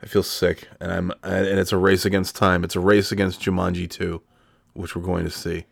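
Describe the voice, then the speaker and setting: A man's voice: sits low, level tone, moderate pace, gravelly, no echo, clean studio sound. A middle-aged man hosting a podcast from home, ranting in an exasperated, profane way. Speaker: podcast host. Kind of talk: solo podcast rant. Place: home room.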